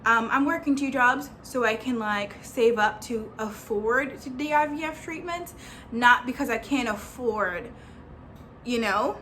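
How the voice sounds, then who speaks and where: A woman's voice: a little high, unhurried, fairly bright tone, a little hiss or hum. A woman venting in a rambling, heated vlog rant, full of fillers and restarts, in her small apartment. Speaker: vlogger. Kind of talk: ranting vlog monologue.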